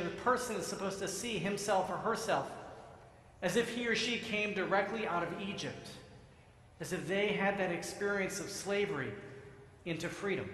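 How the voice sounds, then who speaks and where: A man giving a sermon as rabbi in a synagogue sanctuary, telling stories in a measured way and acting out the voices. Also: high-pitched, fairly bright tone. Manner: storytelling, acts out voices, measured. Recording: echoey sanctuary with long reverb.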